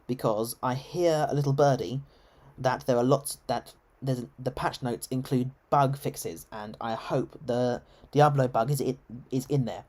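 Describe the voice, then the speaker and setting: A man's voice: mid-range voice, steady tone, unhurried, hardly any pauses, a little mellow. A man with an English received-pronunciation accent, giving chatty live gameplay commentary full of ums and restarts. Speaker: game streamer.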